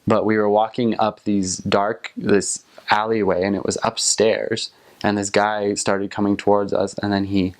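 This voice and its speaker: Earnest low-voiced young man. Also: flat delivery, a little slow. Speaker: returned missionary. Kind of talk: casual recollection and advice.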